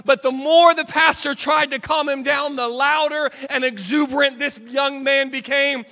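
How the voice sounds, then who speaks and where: A man's voice: very high voice, steady tone, normal speed, bright, forceful tone, big-room sound. A man preaching a sermon, telling a story dramatically. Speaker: pastor. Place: church sanctuary.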